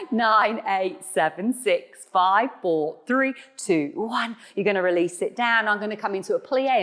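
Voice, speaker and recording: A woman teaching an online Pilates class, cueing breath and counting reps with encouraging, chatty explanations. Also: mid-range voice. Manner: playful asides to viewers. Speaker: Pilates instructor. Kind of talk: guided online exercise class.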